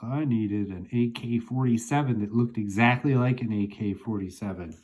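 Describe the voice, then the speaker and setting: A man in his forties calmly reminiscing to himself as he looks through old family photos. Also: on the low side, breathy edge. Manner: unhurried, musing, talks half to himself. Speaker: vlogger looking through childhood photos. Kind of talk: casual reminiscing monologue.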